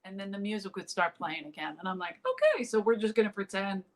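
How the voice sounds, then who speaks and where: A woman's voice: medium pitch, fast talker, poor audio. Rambling woman comedian telling stories. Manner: rambling, full of fillers and restarts. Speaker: comedian guest. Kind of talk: casual interview storytelling.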